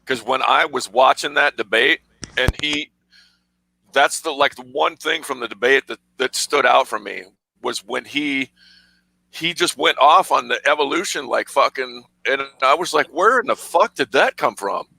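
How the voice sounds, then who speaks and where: A man's voice: medium pitch, normal speed, vocal fry, bright, forceful tone, low-quality recording. A man on a casual voice call, talking bluntly with profanity and stammering as he restarts his sentences. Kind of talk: casual online call chat.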